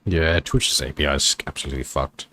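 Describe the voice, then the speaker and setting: A man's voice: rumbling low, brisk, bright, forceful tone, no echo. A man guesting on a stream, chatting casually in a rambling way, full of fillers and giggles. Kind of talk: casual chat.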